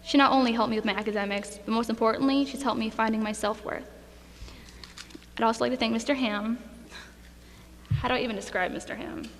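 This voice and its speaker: A young woman, a graduating student, giving a heartfelt speech and fighting back tears at a school ceremony. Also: fairly high pitch. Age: young adult. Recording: echoey hall, faint noise.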